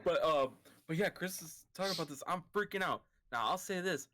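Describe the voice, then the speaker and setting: A man's voice: a little high, a little fast, bright, forceful tone. Giggly man in casual podcast chat. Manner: giggly, self-deprecating. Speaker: podcast co-host.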